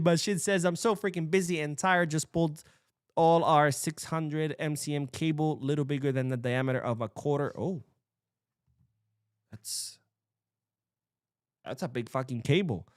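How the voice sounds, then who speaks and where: A young man hosting a casual livestream, reading chat comments aloud and swearing freely in an animated way. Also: a little high, normal speed, no echo, studio quality. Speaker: livestream host. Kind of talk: casual live-stream chat.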